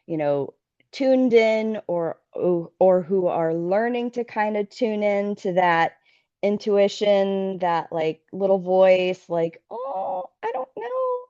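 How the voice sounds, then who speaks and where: A woman speaking as a brand strategist guest in a casual interview. She talks haltingly and repeats words while she thinks. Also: mid-range voice, warm tone. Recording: dull lo-fi audio.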